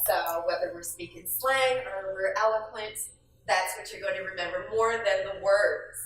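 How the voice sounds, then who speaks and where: A woman from the States, leading a classroom training session for new hires in a lively, sassy, playful way. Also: medium pitch, moderate pace, slight background noise. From Southern United States. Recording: echoey room, speaker far from mic.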